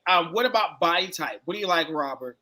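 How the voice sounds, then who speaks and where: Male dating-show host, high bright voice, chatty, echoes answers back. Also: animated. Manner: chatty, quick reactions, repeats answers back. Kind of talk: live-streamed dating interview.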